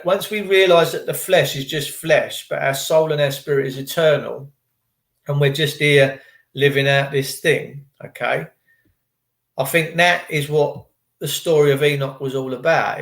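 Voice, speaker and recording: Preachy man, slightly high voice. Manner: preachy, rambling, slangy. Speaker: vlogger. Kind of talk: casual spiritual monologue to viewers. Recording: echoey room.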